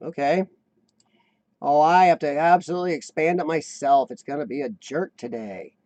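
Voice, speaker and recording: A man's voice: on the high side, moderate pace, darkish tone, dry recording. An American man hosting a casual live stream, chatting loosely with viewers and reading their comments aloud. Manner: chatty, rambling, reads chat aloud.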